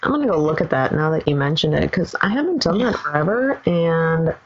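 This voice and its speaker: Lowish-voiced woman cohost, swears a lot, jokes about herself, muffled lo-fi audio. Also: big pitch swings, a little fast. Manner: blunt, swears freely, self-mocking. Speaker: podcast co-host. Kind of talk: casual chat. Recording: muffled lo-fi sound.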